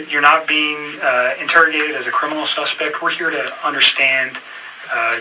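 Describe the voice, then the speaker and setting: A man questioning a witness as a police detective in an interview room, calm and procedural, with frequent fillers. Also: mid-range voice. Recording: distant room recording with clear noise.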